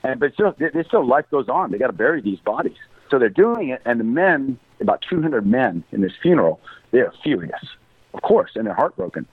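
A man's voice: medium pitch, big pitch swings, a little fast, breathy edge, dry recording. A middle-aged American man telling a story earnestly as an interview guest, devout in his speech. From United States. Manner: earnest, devout, prays aloud. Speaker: guest, humanitarian aid worker. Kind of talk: storytelling in a conversation. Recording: tinny phone-like line.

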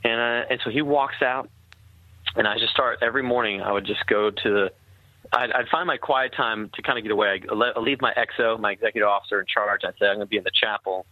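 A man's voice: fairly low pitch, quick pace, no room sound. A man, a former army captain, earnestly telling a personal war story in casual conversation, with many fillers and restarts. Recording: tinny phone-like line.

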